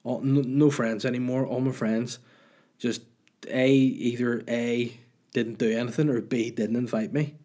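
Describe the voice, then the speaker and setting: A man's voice: mid-range voice, fairly even intonation, measured pace, warm tone. A young man with a Northern Irish accent, hosting a podcast in rambling, sweary, joking storytelling. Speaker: podcast host. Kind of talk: casual solo chat.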